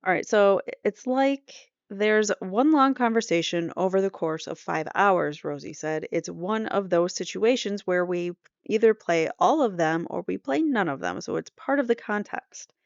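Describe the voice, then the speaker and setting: A woman with a low, gravelly voice talks through a court case in a loose, chatty recap, reading out quotes and wandering into side remarks. The sound is dull and lo-fi, close and dry with no room around it. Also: moderate pace, no echo. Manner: conversational, reads quotes aloud, trails off into asides. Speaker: true crime channel host. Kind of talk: casual commentary recap. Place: home room.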